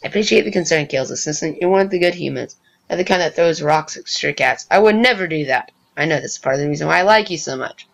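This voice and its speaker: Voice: mid-range voice, animated, fast, creaky. A performer voicing a melodramatic male cat running for senator, amateur cartoon voice acting. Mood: gentle. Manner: self-pitying, melodramatic.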